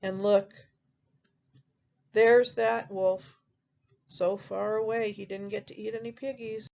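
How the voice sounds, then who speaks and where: A woman, a teacher, reading a picture book aloud to children in a gentle, expressive storytelling manner. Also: medium pitch, gravelly, muffled recording.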